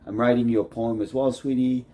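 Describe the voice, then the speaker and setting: A man talking straight to camera in a loose, rambling vlog, leaning on "like" over and over and often trailing off quieter mid-thought. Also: medium pitch, fairly even intonation, a little fast. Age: adult, married. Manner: rambling, loose, leans on "like" constantly. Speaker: vlogger. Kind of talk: casual rambling vlog monologue.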